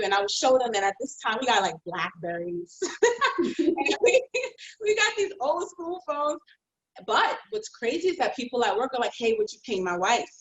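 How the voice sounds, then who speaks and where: A woman painter telling her own story in an interview, heartfelt and expressive and quick to laugh. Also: high-pitched, lo-fi sound. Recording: roomy echo.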